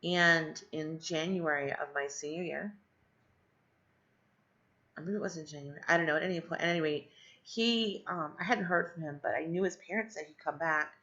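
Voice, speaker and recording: A woman's voice: sits low, moderate pace, a bit bright. A middle-aged woman telling a long personal story in a rambling way, full of fillers and asides. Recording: dull lo-fi sound.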